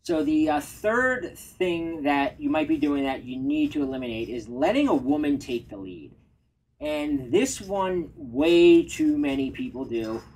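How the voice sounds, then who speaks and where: Husky soft-spoken man giving dating advice. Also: a little high, very animated, a little slow, low-quality recording. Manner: soft-spoken, self-described shy and introverted. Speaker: dating coach. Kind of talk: casual advice chat.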